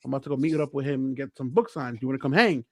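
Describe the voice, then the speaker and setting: A man co-hosts a casual podcast in a mid-range voice, talking at a racing pace with no room sound. He tells animated stories, acting out what people said in changing voices and laughing a lot.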